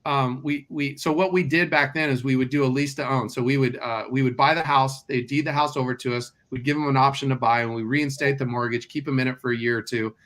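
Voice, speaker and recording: A man, a guest real estate investor, telling a story in casual conversation and acting out the dialogue with lively delivery. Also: mid-range voice, quick pace, few pauses.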